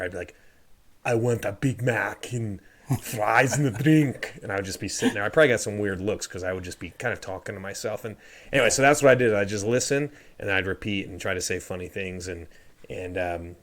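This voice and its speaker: A man's voice: deep voice, fast talker, a bit bright. A young man co-hosting a casual podcast, speaking hesitantly with many fillers. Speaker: podcast co-host.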